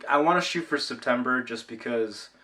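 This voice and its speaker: Young male vlogger, middle pitch, loose self-deprecating ramble, recorded a little far from the mic. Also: normal speed, sharp tone. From Rhode Island, USA. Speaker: YouTube channel owner. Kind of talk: casual vlog chat.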